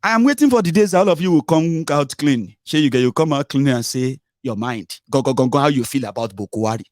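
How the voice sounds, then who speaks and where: A Nigerian man giving scornful political commentary, mixing English, Yoruba and pidgin, swinging from low grumbling to loud outbursts. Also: animated, quick pace, dry recording, studio quality.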